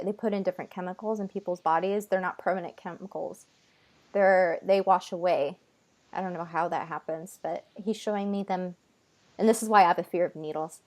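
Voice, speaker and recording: A woman channeler talking casually, nervous and halting, with many fillers and restarts, relaying an unseen being's words in her own voice. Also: lowish voice. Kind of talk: casual conversation.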